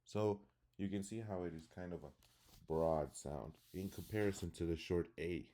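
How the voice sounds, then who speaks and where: A man teaching English pronunciation, reading word lists deliberately one by one and explaining calmly. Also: deep voice. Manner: deliberate, reads words one by one.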